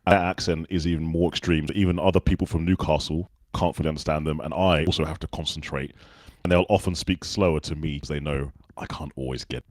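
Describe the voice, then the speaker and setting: A man's voice: extremely low pitch, quick pace, dry recording. A man from the UK with a well-spoken Southern English accent, telling stories as a guest in a casual interview. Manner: relaxed anecdotal storytelling.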